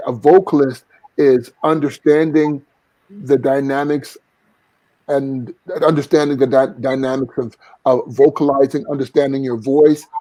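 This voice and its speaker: Male singer-guest, earnest and reflective, mellow tone, dry studio. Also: medium pitch, no echo, poor audio. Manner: earnest, reflective, sings short vocal examples. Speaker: singer and vocal coach, guest. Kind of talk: casual interview talk.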